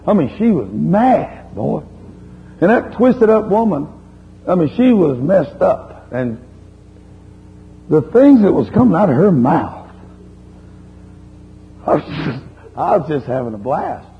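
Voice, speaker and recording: A man preaching a sermon, telling a story in a lively, folksy way and chiding his listeners. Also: a little high, slow pace, gravelly, pauses often. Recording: dull lo-fi recording with faint hum.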